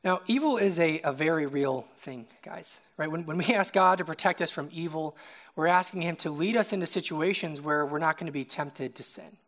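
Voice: mid-range voice, fairly quick, a bit bright. A young adult preacher giving a casual, conversational sermon, often checking in with the listeners by asking "right?".

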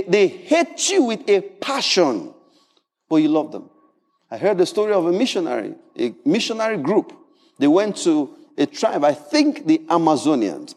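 A man preaching a sermon in an animated, humorous way, often repeating words. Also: on the high side, in a large hall. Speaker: pastor.

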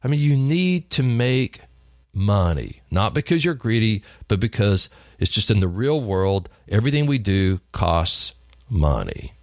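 A middle-aged Texan man coaching salespeople in a folksy, emphatic storytelling style. His voice sits fairly low, and his pitch swings widely for emphasis. The sound is dry and close. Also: very animated, a little slow, no echo. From Texas. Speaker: sales trainer.

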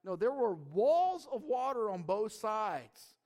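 Brief: animated, conversational male pastor with a high voice. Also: slow, in a large hall. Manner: animated, joking, conversational, repeats "right?". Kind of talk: sermon.

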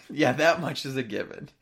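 A man telling an anecdote in a casual podcast chat, animated and often laughing as he talks. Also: on the high side, moderate pace, slightly rough. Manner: animated storyteller, laughs through lines.

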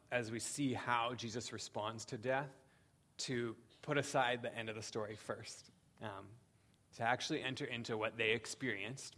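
A man preaching a sermon, speaking earnestly with slow, emphatic pauses and frequent "um"s. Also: medium pitch, a bit bright. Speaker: pastor.

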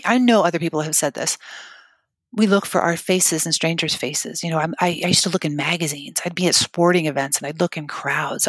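A middle-aged woman telling an emotional personal story in an interview, halting, with restarts and fillers. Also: deep voice, no echo, clean studio sound. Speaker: guest telling her story.

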